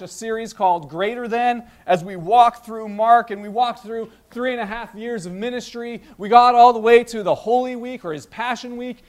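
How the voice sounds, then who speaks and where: A man preaching as pastor, retelling the story in a lively, storytelling way with voiced asides. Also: high voice. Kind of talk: sermon.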